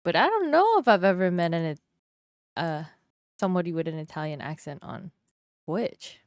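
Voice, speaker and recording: Lively chatty woman streamer. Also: fairly low pitch, normal speed, no echo, studio quality. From Canada. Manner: chatty, laughs often, asks her chat questions. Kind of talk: casual chat with stream viewers while drawing.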